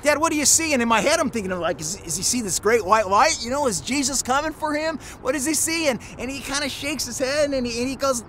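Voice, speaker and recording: High-voiced man telling a halting story. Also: expressive, bright, forceful tone, slight background noise. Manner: earnest, halting storytelling with many restarts. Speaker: pastor. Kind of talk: personal story in a sermon.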